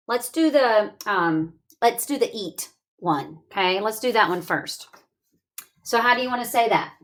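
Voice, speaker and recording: A woman's voice: a little high, fairly bright tone. A woman teaching a reading lesson, talking through examples and coaxing young students with questions. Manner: slow, coaxing, asks questions aloud. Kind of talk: classroom literacy lesson.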